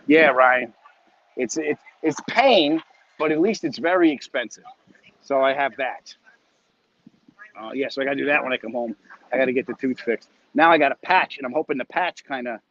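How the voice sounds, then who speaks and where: A man's voice: medium pitch, fairly bright tone. Rambling, joking man on a lo-fi phone stream. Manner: walking while talking, a bit winded. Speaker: comedian hosting a weekly live chat. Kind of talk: casual chat reading viewer comments. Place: outdoors, walking home.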